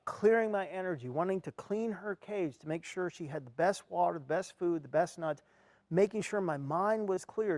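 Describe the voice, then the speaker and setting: A man's voice: high-pitched, darkish tone, no room sound. A man giving a motivational talk to parents, earnestly telling a personal story and acting out his own reactions. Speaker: speaker at an education event.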